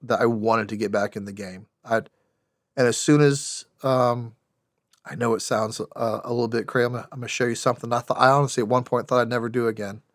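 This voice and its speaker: Speaking in a mid-range voice with fairly even intonation, a middle-aged former U.S. soldier shares his story as a podcast guest. He's candid but halting, often restarting and using fillers, and the studio recording is clean with no room sound.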